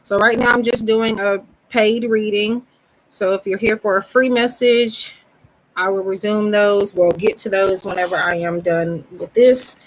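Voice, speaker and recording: A woman reading tarot cards on a live stream, talking in a relaxed, rambling way with frequent ums and pausing to greet viewers. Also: medium pitch, rough recording. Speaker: tarot reader.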